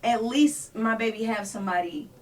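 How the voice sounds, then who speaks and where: A woman's voice: a little high, moderate pace, far from the mic. A woman telling a personal story as a podcast guest, acting out voices and dropping to near whispers.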